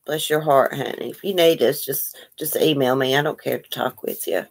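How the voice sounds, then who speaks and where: Woman livestream host, deep voice, chatty, reads comments aloud. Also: normal speed, vocal fry. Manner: chatty, reads out viewer comments and greets them. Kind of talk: casual livestream chat.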